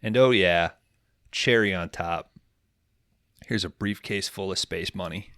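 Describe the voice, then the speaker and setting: A young man co-hosting a podcast, recapping a film in casual, profane, rambling talk and slipping into quick character voices. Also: deep voice, a bit bright, dry recording, clean studio sound. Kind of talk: casual comedic movie recap.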